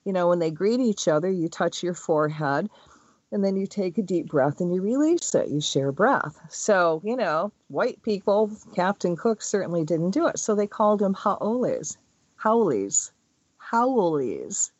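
A woman's voice: on the low side, lively intonation, moderate pace, darkish tone, no echo. A chatty woman energy healer talks in a loose, rambling way, her voice swinging up and down as she tells her stories. The sound is dull and dry, with no room around it. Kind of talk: casual spiritual talk. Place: Hawaii.

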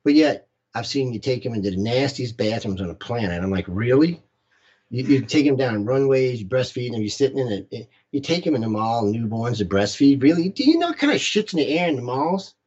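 A man's voice: medium pitch, animated, a little fast, a little mellow, muffled recording. A man co-hosting a casual talk stream, blunt and rambling, often laughing at his own remarks. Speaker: co-host. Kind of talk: casual chat.

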